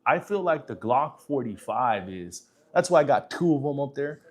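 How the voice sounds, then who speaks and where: A man's voice: medium pitch, sing-song, normal speed. Middle-aged man, easygoing stream host, loose and profane, ordinary mid-range voice. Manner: laid-back, loose and profane, with frequent fillers. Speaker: livestream host answering chat. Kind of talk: casual livestream chat.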